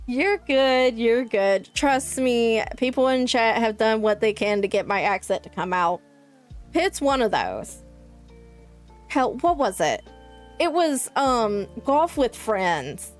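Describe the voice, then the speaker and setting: Young woman, Southern accent, unhurried rambling chat, faint music behind. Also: fairly high pitch, big pitch swings. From South Carolina. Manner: chatty, rambling, many likes. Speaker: streamer. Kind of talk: casual chat with live chat.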